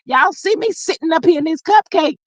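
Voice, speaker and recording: Animated, sassy live stream host. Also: very high-pitched, fairly quick, no echo. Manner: animated, sassy, drawling endearments. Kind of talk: casual live stream chat reading. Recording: dull lo-fi dry audio.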